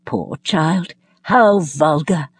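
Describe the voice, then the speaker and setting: A woman's voice: fairly low pitch, big pitch swings, moderate pace, a little mellow, slightly rough, voice pushed up. A woman voicing a prim, snobbish middle-aged mother who corrects others with disdain. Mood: disdainful.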